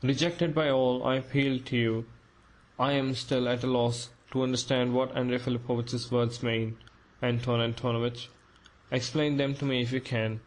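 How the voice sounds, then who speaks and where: Man doing a fretful clerk, anxious, pleading, monotone, storybook. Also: medium pitch, normal speed, natural voice, rough recording. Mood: timid pleading. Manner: pleading, flustered. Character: timid, anxious middle-aged clerk, man.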